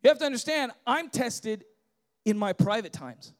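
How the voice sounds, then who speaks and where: Impassioned high-voiced male pastor preaching. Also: expressive, moderate pace. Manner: impassioned, often shouting, with frequent "right?" tags. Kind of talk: sermon.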